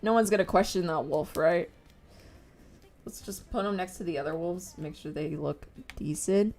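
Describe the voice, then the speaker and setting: A woman's voice: lowish voice, normal speed, darkish tone. A woman streaming as she draws, chatting casually and giggling as she retells things with acted quotes. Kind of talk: casual chat while drawing.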